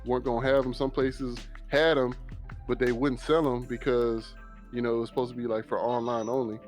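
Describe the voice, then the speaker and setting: A man's voice: medium pitch, flat delivery, fairly quick, faint music behind. A man with a Southern US accent, a podcast guest telling a story in casual chat and acting out what others said. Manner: laid-back storyteller, acts out quotes.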